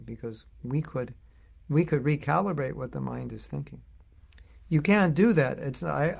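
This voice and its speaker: A man's voice: mid-range voice, creaky, darkish tone. A middle-aged man giving an informal spiritual talk, thinking aloud and searching for his words as he goes. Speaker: spiritual teacher.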